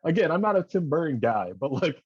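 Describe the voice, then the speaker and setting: A man's voice: fairly high pitch, very animated, brisk, husky, no echo. A man on a podcast talks loosely, filling his sentences with "like", his mid-range voice rising and falling a lot. His sound is dry and a little dull, as if on a lo-fi mic. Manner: loose, filler-heavy speech with lots of "like". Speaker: podcast guest. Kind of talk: casual chat.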